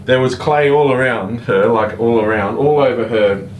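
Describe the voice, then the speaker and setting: A man's voice: medium pitch, moderate pace. A man co-hosting a casual live stream, chatting and explaining crafts with restarts and laughs. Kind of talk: casual chat. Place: home room. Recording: roomy, far from the mic, noisy.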